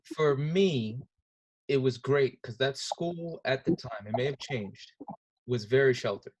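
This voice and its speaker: A man's voice: mid-range voice, measured pace, dry recording. A man hosting an interview, chatting conversationally and telling stories with quoted asides. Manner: animated storytelling with quoted asides. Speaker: interview host.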